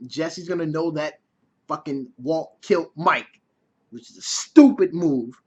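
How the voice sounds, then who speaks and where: A man's voice: a little high, a little slow, a little mellow, husky. A man casually reviewing a TV episode in a chatty way, swearing freely. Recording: dull lo-fi recording.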